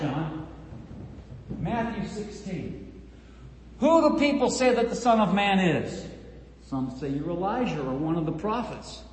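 A man's voice: high-pitched, a little mellow, echoey room, in a large hall. A man preaching and teaching from the Bible, quoting scripture with dramatic emphasis. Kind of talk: Bible teaching at a church event.

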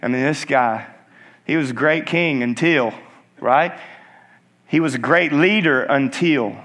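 A man preaching a sermon with call-and-response urging, swinging between emphatic and hushed delivery. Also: mid-range voice, measured pace. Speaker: pastor.

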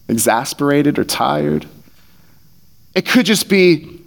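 A man delivers a sermon in a slightly higher-than-usual voice. He talks in a casual, earnest way and leans on repeated phrases. His voice comes through a small mic taped to his face. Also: lively intonation, normal speed, vocal fry, pauses often. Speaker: pastor. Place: church hall. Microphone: headset mic taped to face.

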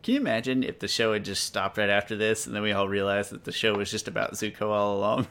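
A man's voice: fairly low pitch, fast talker, a bit bright. A man in casual chat about a show, joking at times and thoughtful at others, with frequent fillers. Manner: playful, then thoughtful, with fillers.

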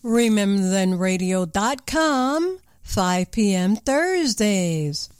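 A female radio co-host with a New York accent and a smooth, clear voice, speaking slowly and deliberately. Her lines come short and well practiced, recorded dry and close. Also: mid-range voice, very animated, no room sound. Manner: brief, rehearsed-sounding lines.

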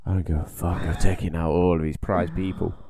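Brash, swearing, fast-talking man. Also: low voice, flat delivery, warm tone. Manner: brash and argumentative, swears a lot. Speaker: podcast co-host. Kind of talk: casual chat.

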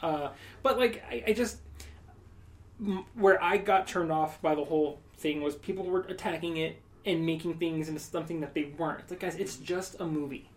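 A man's voice: on the high side, moderate pace. Rambling man co-hosting a podcast. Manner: rambling, with joking asides. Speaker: podcast co-host. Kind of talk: casual chat.

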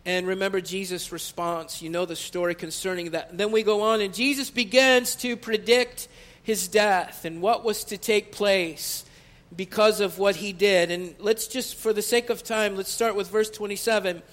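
A man delivers a sermon in a church sanctuary. His voice sits very high, and he stretches the key phrases as his preaching builds in intensity. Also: steady tone, normal speed, a bit bright. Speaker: pastor.

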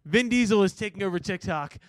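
A man's voice: high-pitched, expressive, a little fast, no echo. A young man hosting a casual comedy podcast, loose and laughing, peppering his talk with "like" and "dude" and swearing freely. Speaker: podcast host.

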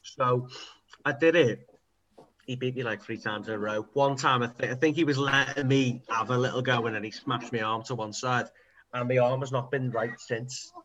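A man, co-hosting a podcast and telling stories in an animated, sweary way. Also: mid-range voice, moderate pace, lo-fi sound, slight background noise. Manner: animated storytelling, swears freely. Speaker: podcast co-host. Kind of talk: casual chat.

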